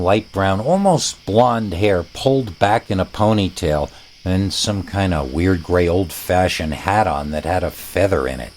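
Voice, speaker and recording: A man narrating a horror story as a scripted reading, animated and dryly humorous. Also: on the low side, a little hiss or hum.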